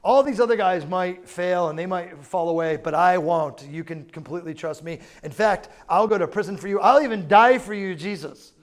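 A man's voice: sits high, moderate pace, few pauses, lightly acted. A man voicing a boastful, self-assured male apostle in a sermon retelling. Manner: insistent, protesting.

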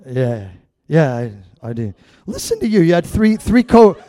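A man's voice: on the high side, expressive, normal speed, mellow, no room sound. A middle-aged man preaching a sermon as pastor, talking straight to the congregation in a conversational way with frequent asides.

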